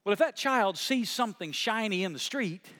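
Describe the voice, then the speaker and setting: Fervent high-voiced male pastor preaching. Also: animated. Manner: preaching, building from soft and slow to loud and high; repeats phrases, calls on the congregation to answer. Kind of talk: sermon.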